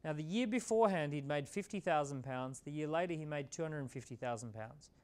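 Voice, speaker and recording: A man's voice: a little high, fairly quick. A man giving a casual, conversational motivational talk to a live audience, often checking in with "right?". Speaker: keynote speaker.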